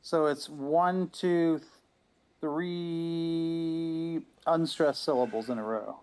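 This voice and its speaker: Man, somewhat high voice, explains things, thinks out loud. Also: extremely slow, clean tone. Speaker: discussion co-host. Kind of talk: casual live discussion.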